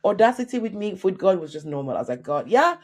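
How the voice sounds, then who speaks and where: Warm-voiced woman telling a story. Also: fairly low pitch, quick pace. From Nigeria. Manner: animated storyteller, acting out quoted voices. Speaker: guest career coach. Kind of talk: personal storytelling in a podcast interview.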